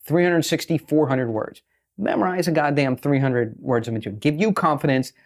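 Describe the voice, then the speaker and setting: A man speaking as a podcast guest, brash and profane, talking in fast bursts and slowing down to stress a point. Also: fairly high pitch. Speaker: guest, pitching expert. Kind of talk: podcast interview talk.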